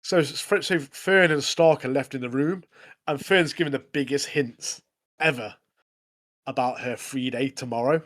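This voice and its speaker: A man's voice: medium pitch, a little slow, a bit bright. A young man co-hosting a podcast, retelling scenes in a rambling, laughing casual chat. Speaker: podcast co-host.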